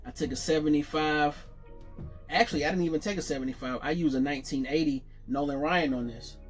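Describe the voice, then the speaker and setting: A man presenting his jersey collection in a casual vlog, chatty and excited, correcting himself as he goes. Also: on the high side, a little fast, soft background music. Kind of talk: casual show-and-tell vlog.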